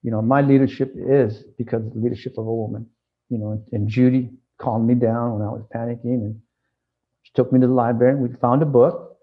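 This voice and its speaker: A man being interviewed, telling his story with animated energy and acting out the lines of others. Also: medium pitch, fairly quick, narrow, tinny audio. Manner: acts out dialogue, frequent restarts.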